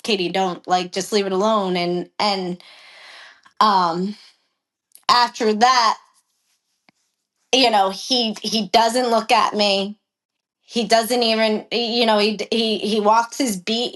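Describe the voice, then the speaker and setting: A woman jockey in a casual interview, animated and blunt, acting out heated exchanges and swearing freely. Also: a little high. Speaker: guest, professional jockey.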